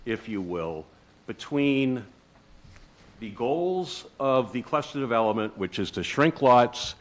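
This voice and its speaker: A man presenting a legal argument at a zoning board hearing, measured and lawyerly, with frequent restarts. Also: medium pitch, lively intonation. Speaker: applicant's counsel. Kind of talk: formal argument at a public hearing.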